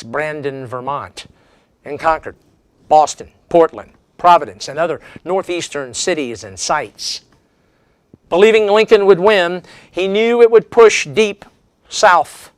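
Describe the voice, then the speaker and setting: A man's voice: a little high, clean tone, no echo. A man giving a history lecture as a seminar speaker, telling it as a dramatic story with strong emphasis.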